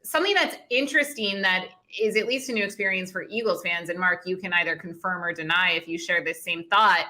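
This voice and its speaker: A woman appearing as a guest on a sports talk show, chatty and quick to laugh. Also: lowish voice, sharp tone.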